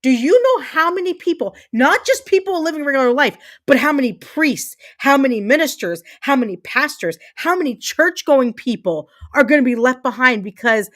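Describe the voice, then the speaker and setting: With a high-sitting, fairly bright voice, lively intonation, normal speed and few pauses, a woman in her thirties rages on her livestream. Her angry rant is heated and repetitive, punctuated by swearing.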